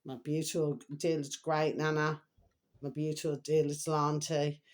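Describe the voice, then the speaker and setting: A woman's voice: sits low, level tone, moderate pace. A middle-aged woman rambling in a casual, emotional monologue to her viewers, full of repeated pet phrases. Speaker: vlogger.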